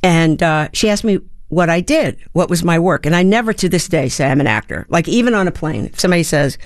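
A woman's voice: fairly low pitch, animated, fairly quick, dry recording, studio quality. A woman in her seventies, an actor and playwright, answering interview questions in a reflective, storytelling way with fillers and restarts. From United States. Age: 70s.

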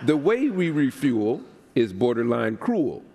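A man on a radio quiz show reading comic limericks aloud in a deliberate, rhythmic way. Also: medium pitch, very animated, vocal fry, dark tone. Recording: long theater reverb.

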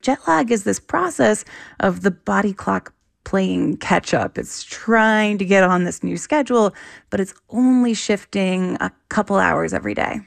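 A woman's voice: medium pitch, lively intonation, measured pace, creaky. A woman researcher giving interview answers, explaining in an enthusiastic, plain-spoken way. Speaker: researcher guest.

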